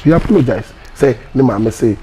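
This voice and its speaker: Animated Ghanaian man telling stories. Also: medium pitch, a little fast, slight background noise, rough recording. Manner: mixes Pidgin and English, acts out quoted dialogue, laughs often. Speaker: guest. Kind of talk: animated storytelling interview.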